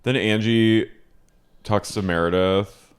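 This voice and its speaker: A man's voice: lowish voice, steady tone, slow pace, clean tone. A man co-hosting a podcast, chatting casually and recapping a show with lots of fillers and quoted lines. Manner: chatty, with frequent fillers and quoting. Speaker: podcast co-host.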